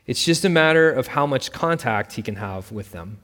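A man's voice: medium pitch, lively intonation, normal speed, fairly bright tone, natural voice. A man plays an attorney who is offhand at first, then careful and hesitant with his words, lifted a little above the narration. Long hall reverb trails every line. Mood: measured.

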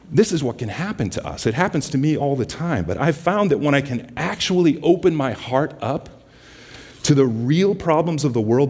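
A man's voice: mid-range voice, breathy edge. Man preaching in a reverberant hall. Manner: conversational, scripture quotes slowed and softened. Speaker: guest preacher from a justice ministry. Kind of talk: sermon.

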